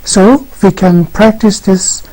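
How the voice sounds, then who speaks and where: An English teacher explaining a textbook lesson slowly and deliberately, reading out example dialogues. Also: medium pitch, fairly even intonation, warm tone, low-quality recording.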